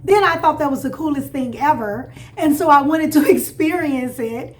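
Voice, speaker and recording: High-pitched lively woman from Chicago. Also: moderate pace, slight background noise. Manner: high-energy, animated storyteller. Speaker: travel vlog co-host. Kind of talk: casual travel chat.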